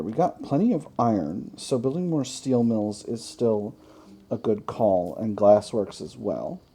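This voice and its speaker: A man's voice: mid-range voice, dark tone, husky. A man hosting a gaming channel, chatting through a strategy game, thinking aloud with wry self-mocking asides.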